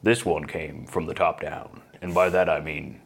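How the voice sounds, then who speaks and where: Brief: unflappable true-crime narrator, deep and slow, flat delivery, put on by a man. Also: vocal fry, breathy edge, full character voice. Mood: deadpan. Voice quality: calm, slow, low growl.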